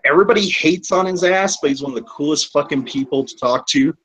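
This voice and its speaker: A man's voice: fairly high pitch, fast, a bit bright, slight background noise, rough recording. A man hosting a casual podcast chat, telling loose, profane stories and acting out quotes. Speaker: podcast host.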